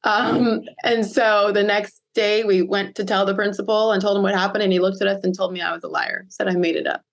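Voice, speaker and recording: Woman, 50s, from the US; podcast guest recounting her past, heartfelt, pausing to steady herself. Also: medium pitch, creaky, highs cut off. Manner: earnest, emotional, pauses to collect herself. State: choked up. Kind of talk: podcast interview, personal storytelling.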